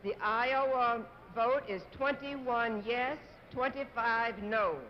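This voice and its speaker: A woman's voice: a little high, steady tone, takes it slowly. A woman chairing a convention roll call, formally calling out states and reading each vote back. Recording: muffled old TV broadcast, faint hiss.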